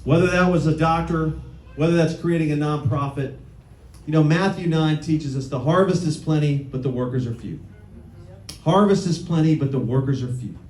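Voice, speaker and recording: Here a candidate for office talks at a moderate pace in a fairly high, a little mellow voice. To a crowd gathered in a meeting room he gives a punchy campaign speech, repeating lines and questioning the audience, and the room sounds echoey with faint noise.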